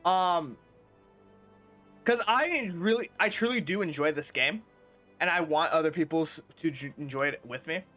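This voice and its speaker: A man's voice: a little high, normal speed, pushed and bright, faint music behind. A man giving casual, rambling let's play commentary as a gaming video creator, with many restarts.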